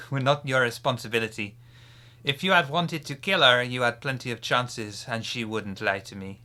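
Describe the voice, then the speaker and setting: A courteous, scheming French vampire speaks from under his hood in a rasp, performed by a male game master. The voice is bright and pushes forward, formal and gracious with a sly edge. This is live-streamed tabletop role-play. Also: medium pitch, unhurried. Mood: courtly. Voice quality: raspy, put-on French accent. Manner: formal and gracious, ends remarks with a teasing "huh?".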